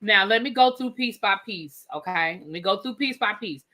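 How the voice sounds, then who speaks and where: A woman's voice: medium pitch, expressive, moderate pace, pushed and bright. A woman hosting a live rant-and-review of a reality show, talking emphatically, repeating her points and swearing freely.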